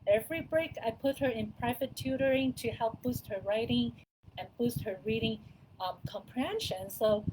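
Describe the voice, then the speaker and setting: A middle-aged woman giving parents casual, chatty advice to camera, with small grammar slips, repeats and soft laughs. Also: a little high, normal speed, a little hiss or hum, rough recording. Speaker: wellness coach talking to parents.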